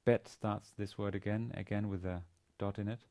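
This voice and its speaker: A man lecturing on a language lesson, speaking haltingly with many fillers and restarts. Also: fairly low pitch, steady tone, warm tone. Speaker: university lecturer.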